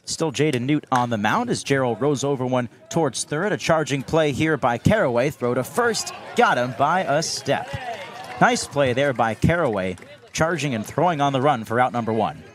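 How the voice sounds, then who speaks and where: A young man doing baseball play-by-play commentary, steady between pitches and climbing high and loud on big plays. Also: moderate pace. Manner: steady calls that rise sharply on big plays. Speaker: play-by-play announcer.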